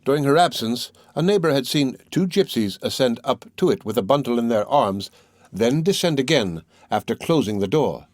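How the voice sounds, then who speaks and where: A man's voice: mid-range voice, expressive, moderate pace, a little mellow, no room sound, clean studio sound, natural voice. A man voicing a grieving woman who tells a sad tale in an earnest, storytelling way. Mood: sorrowful. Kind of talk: scripted narration.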